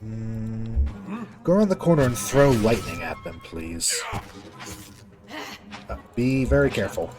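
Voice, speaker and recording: A man's voice: fairly low pitch, expressive, measured pace, long pauses, music in the background. A man streaming a video game, chatting casually with viewers and swearing when a fight goes badly. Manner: talks to viewers while playing. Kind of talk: casual gameplay commentary.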